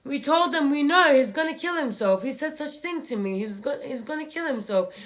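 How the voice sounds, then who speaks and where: A young woman, telling a painful family story in a vlog while crying, halting and repeating herself. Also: sits high, animated, a bit bright. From Australia. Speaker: vlogger. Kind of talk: emotional personal story while doing makeup. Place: home room, indoors.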